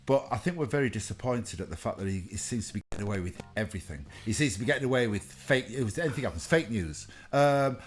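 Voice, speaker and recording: A man's voice: lowish voice, expressive, fast, hardly any pauses, slightly rough. A man co-hosting a casual live-streamed chat, arguing his points and throwing in rhetorical questions.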